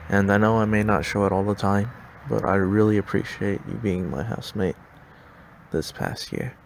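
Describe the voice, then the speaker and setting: A young man with a low, gravelly voice speaks shyly and hesitantly. A faint background hum sits behind his recorded thanks. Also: fairly even intonation, moderate pace. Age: young adult. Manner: shy, hesitant. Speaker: student club member. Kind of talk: recorded farewell message.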